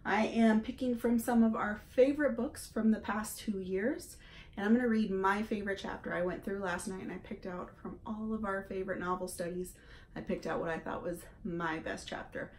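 A woman reads a children's novel aloud in a gentle, encouraging voice, like a teacher at story time. She takes her time and talks right to the kids listening. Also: medium pitch, moderate pace.

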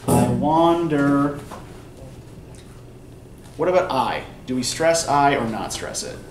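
A male college English instructor lectures a class, explaining things step by step and checking in with "right?" His medium-pitched voice is sing-song at a normal speed, recorded from far off in an echoey classroom with faint noise.

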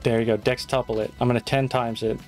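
A man's voice: mid-range voice, flat delivery, fast talker, darkish tone, soft background music. A man chatting casually in a game, brash and profane, with hustling sales patter. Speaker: gaming video creator.

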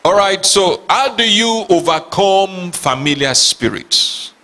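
Slow and sharp-toned, a high-pitched man speaks with lively intonation as he preaches. In his role as pastor, he gives scripture a dramatic, emphatic reading and asks listeners questions.

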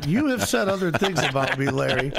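A man co-hosting a radio show in casual banter, slightly hoarse in the throat, joking and dryly teasing, on a studio mic. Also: on the high side, lively intonation, brisk, a bit bright. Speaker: guest co-host. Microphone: studio microphone.

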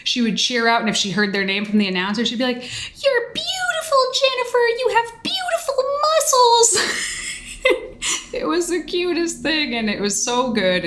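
A woman with a somewhat low voice chats on a podcast. She tells stories in a relaxed, rambling way and wanders off on side tangents. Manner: chatty, tangent-prone storyteller. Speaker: podcast co-host. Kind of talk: casual podcast chat.

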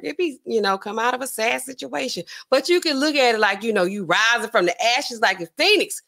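Woman w/ doing a chill livestream, slightly high voice, laughing and reacting to chat. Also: fairly quick, creaky, hardly any pauses. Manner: chatty, animated, laughs often, talks back to chat. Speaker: pharmacist livestream host. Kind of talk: casual livestream commentary reading chat.

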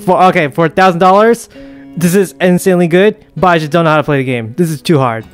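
A man giving excitable let's play commentary, yelping and exclaiming at scares. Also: a little high, fast talker, clean tone, faint music behind. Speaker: gaming YouTuber.

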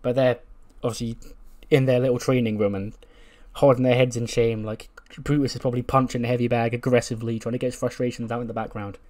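This is a man talking casually through a wrestling management game run. His voice sits in an ordinary middle pitch, and he chats along, now and then slipping into quick voices for the wrestlers. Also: level tone, darkish tone. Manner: chatty, acts out characters' lines in quick voices and laughs. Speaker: gaming YouTuber. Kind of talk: casual commentary over a wrestling sim playthrough.

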